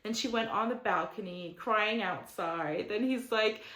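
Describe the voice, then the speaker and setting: A woman's voice: mid-range voice, unhurried, a bit bright, roomy sound. A young woman giving a casual recap of a reality show. She talks in a chatty, opinionated way, says "like" constantly and mocks the people she describes. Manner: chatty and opinionated, heavy use of "like", mocking quotes in character.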